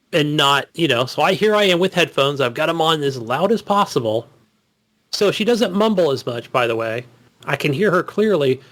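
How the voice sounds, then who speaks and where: Rambling, swearing male podcast host. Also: fairly high pitch. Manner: profane, rambling, animated. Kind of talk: casual gaming chat.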